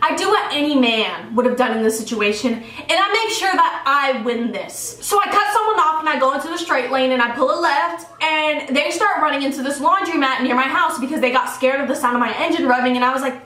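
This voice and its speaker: A young woman telling a profane story in a casual vlog, acting out the dialogue with animated quoted voices. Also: high-pitched, brisk, hardly any pauses, far from the mic. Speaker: vlogger. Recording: roomy echo, a bit off-mic, faint ambience.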